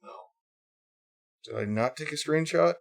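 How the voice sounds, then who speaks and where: A man with a slightly high, animated voice speaks at an unhurried pace over slight background noise. As host of a casual livestream, he reads posts aloud and mocks them in put-on whiny voices, rambling sarcastically with lots of fillers and restarts.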